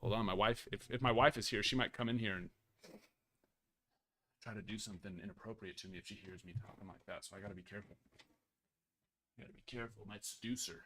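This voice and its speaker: A man's voice: lowish voice, steady tone, fast, pauses often, fairly bright tone, slight background noise. A man hosting a card break stream, rambling casually with jokey mock outrage. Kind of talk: casual live-stream chat.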